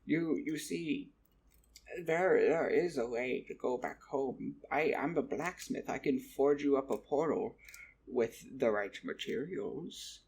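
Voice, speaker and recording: A man voicing a really big, friendly male goblin blacksmith who explains things slowly and patiently, with little stammers. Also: mid-range voice, creaky, darkish tone, breathy edge, exaggerated voice. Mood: patient explaining.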